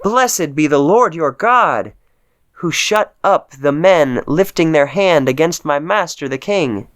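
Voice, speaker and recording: A man's voice: on the high side, expressive, takes it slowly, a bit bright, pitched above the performer's own voice. A man reading aloud, voicing an eager young male messenger who pleads to run with the news. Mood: reverent.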